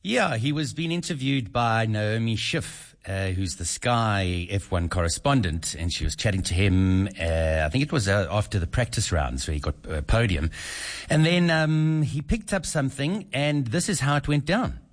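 A man co-hosting a radio show, telling stories with a lot of swing in his voice. He speaks low and repeats words for emphasis. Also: normal speed. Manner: animated storyteller, repeats words. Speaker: radio co-host. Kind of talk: casual radio chat.

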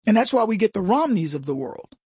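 A man hosting a casual political commentary monologue, mocking and chuckling with lively asides. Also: high-pitched, a little fast, husky, dry recording, clean studio sound.

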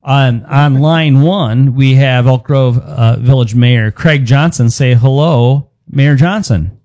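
A man's voice: mid-range voice, takes it slowly, a little mellow, no room sound. A man hosting a talk radio show, rambling and joking casually with his co-hosts. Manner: rambling, joking, chuckles between words. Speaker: radio host.

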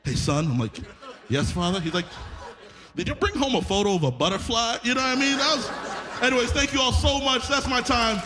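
A man's voice: very high-pitched, expressive, a little fast, pushed and bright. A man doing a stand-up bit on stage, telling a sheepish story with acted-out quotes. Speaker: stand-up comedian. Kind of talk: stand-up set.

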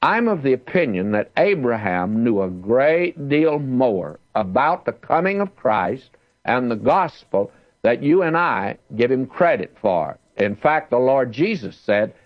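A man's voice: mid-range voice, sing-song, a little slow, no room sound, lo-fi sound. A man teaching the Bible verse by verse, reading scripture aloud with emphasis.

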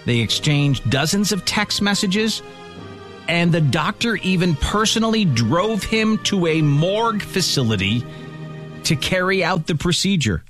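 A man hosting a radio show, recapping a news story and bantering, quick to laugh. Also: high-pitched, faint music behind. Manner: animated, laughs easily. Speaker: radio host.

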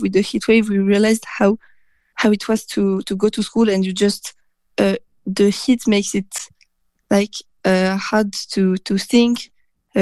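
Interviewee: young woman, flat mellow tone, dry sound, halting speech. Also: medium pitch, no room sound. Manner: hesitant, many uhs and restarts.

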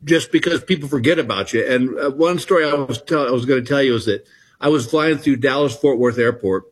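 A middle-aged man, a comedian telling stories in an interview, halting and self-deprecating. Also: mid-range voice, slightly rough. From Texas. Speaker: comedian guest. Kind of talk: casual interview chat.

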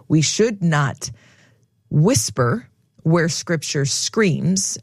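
A woman's voice: low voice, a little mellow, dry recording, studio quality. A woman co-hosting a faith podcast, explaining Bible passages in a casual, conversational way and reading verses aloud with emphasis. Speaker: podcast co-host teaching on scripture. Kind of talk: casual Bible teaching chat.

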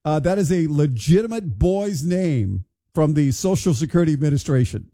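A man's voice: on the high side, animated, moderate pace, warm tone. A man hosting a morning radio show, chatting casually and wondering aloud in a bemused, conversational way. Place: radio studio.

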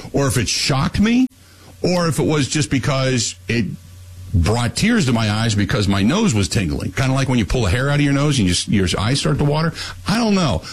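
A man's voice: medium pitch, breathy edge, low-quality recording. A man hosting a call-in talk radio show, rambling bluntly with frequent restarts.

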